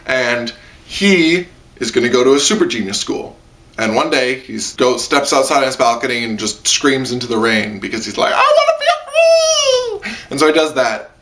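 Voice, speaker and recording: A man's voice: normal speed, bright, forceful tone, slight background noise. A man giving a casual spoken anime review, rambling with lots of fillers. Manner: rambling, heavy on fillers, jumps into high-pitched mock quotes.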